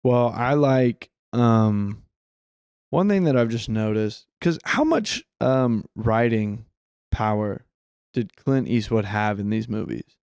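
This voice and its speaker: A man's voice: medium pitch, slow, a little mellow, smooth, no echo, clean studio sound. A man co-hosting a casual film podcast, rambling and restarting his sentences, swearing freely. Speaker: podcast co-host.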